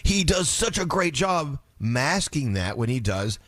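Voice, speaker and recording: Animated male radio host. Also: on the high side, dry recording. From United States. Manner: animated, quick to jump in. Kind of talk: casual morning radio chat.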